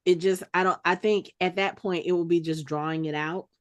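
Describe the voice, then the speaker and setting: A woman hosting a podcast in casual chat, thinking out loud and restarting her sentences as she speculates. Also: fairly low pitch, steady tone, fairly quick. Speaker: podcast host.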